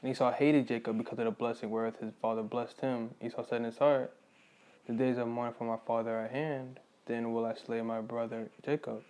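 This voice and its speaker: A man reading scripture aloud quietly and breaking off into casual spoken commentary, full of "you know". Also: flat delivery, a little fast, clear, resonant tone. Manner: quiet, low reading of scripture, louder and livelier in his asides; leans on "you know" constantly.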